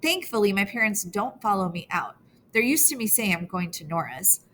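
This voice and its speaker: A woman's voice: mid-range voice, very animated, moderate pace, fairly bright tone, a little hiss or hum. A woman reading a novel aloud in the first person, earnest and emotional, as a teenage girl telling her own story. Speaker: audiobook narrator.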